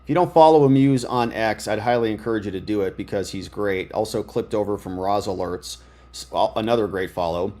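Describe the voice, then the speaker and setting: A man doing live political commentary, sarcastic and excitable as he reads news items aloud. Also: lowish voice, brisk.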